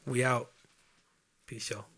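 Against heavy background noise, a man hosts a podcast, chatting loosely about sports and swearing plenty. His mid-range voice has fairly even intonation and a slow pace.

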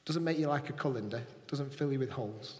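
A man's voice: mid-range voice, fast talker, a little mellow. A man preaching a sermon to a congregation, engaging and often checking in with his listeners. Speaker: pastor. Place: church hall. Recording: long hall reverb.

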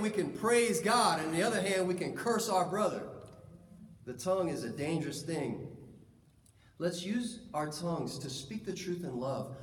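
A man preaching a sermon in a church, lively and conversational, acting out stories. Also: high voice, a little hiss or hum. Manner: lively, conversational, acts out anecdotes. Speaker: pastor. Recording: echoey hall, distant mic, faint ambience.

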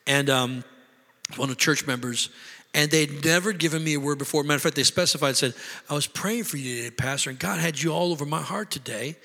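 A man's voice: a little high, fairly quick, vocal fry, bright, forceful tone. A middle-aged man preaching a sermon as pastor, impassioned and conversational, repeating himself for emphasis. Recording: long hall reverb.

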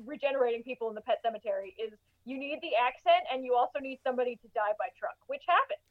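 A woman's voice: sits high, fast, narrow, tinny audio. A woman in a casual podcast chat who talks in a giggly, chatty way with many fillers.

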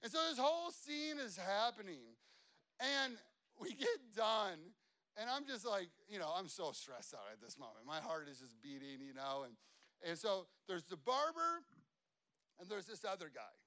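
Animated bright-voiced man telling a story. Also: high voice, normal speed. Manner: animated, rambling, many fillers and asides. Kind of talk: casual storytelling to an audience.

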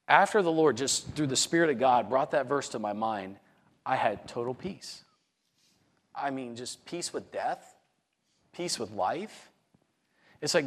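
A man's voice: on the high side, normal speed. A man, likely a pastor, earnestly retelling a personal testimony, often repeating words and restarting sentences. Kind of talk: personal testimony told to a congregation.

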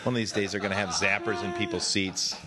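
A man's voice: sits low, steady tone, over a noisy crowd. A man, an improv teacher, riffing and teasing his partner in casual comic chat. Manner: wry, quick to riff and tease.

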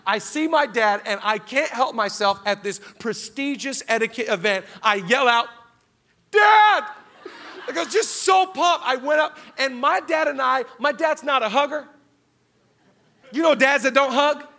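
A man in his thirties preaching a sermon as pastor, telling stories in an animated, excitable way. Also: extremely high pitch, normal speed. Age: 30s. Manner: animated storytelling with rising excitement. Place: large church hall.

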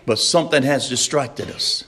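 A man preaching a sermon, slow and emphatic, repeating his refrains and rising to shouts. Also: medium pitch, slight background noise.

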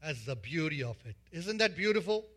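A man's voice: fairly high pitch, very animated, a little fast, fairly bright tone. A man preaching a sermon as pastor, emphatic, repeating lists of words and asking the congregation questions.

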